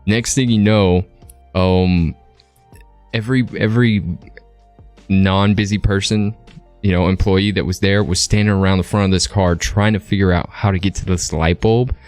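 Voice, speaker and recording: A man's voice: low voice, steady tone, moderate pace, darkish tone, soft background music. A man streaming, casually telling a rambling story with plenty of fillers and tag questions.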